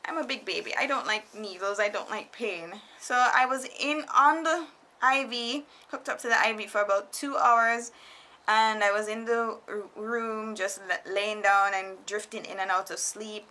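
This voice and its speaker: Bright-voiced young woman telling a story. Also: medium pitch, unhurried. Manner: animated storytelling, laughing often, quoting others in put-on voices. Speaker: vlogger. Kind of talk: casual storytime vlog. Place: foreigner living in Japan.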